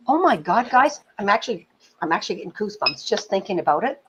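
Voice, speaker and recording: A middle-aged woman, a film producer and pitching teacher, telling anecdotes in an interview in an animated, chatty way with many fillers. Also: quick pace, slight background noise, low-quality recording. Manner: animated storyteller, many fillers like "you know", occasional swearing.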